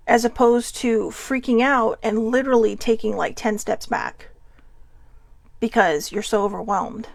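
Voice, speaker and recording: Gravelly Californian woman, chatty and rambling. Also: fairly high pitch, fairly even intonation, a little slow, no room sound. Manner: rambling, chatty, many fillers and asides. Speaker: host. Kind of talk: casual self-care talk.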